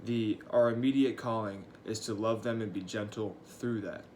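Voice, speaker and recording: A young man, a high school church intern, giving a short, earnest devotional talk in a casual way with restarts and fillers. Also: fairly even intonation, normal speed, darkish tone, slight background noise. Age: young adult.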